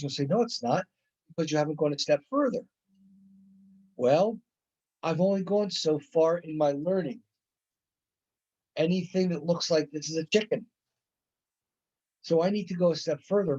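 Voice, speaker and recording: Chatty lecturer, slightly high male voice. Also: darkish tone, highs cut off. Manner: conversational, with frequent "right?" check-ins and playful acted-out examples. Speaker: college instructor. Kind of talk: recorded classroom lecture.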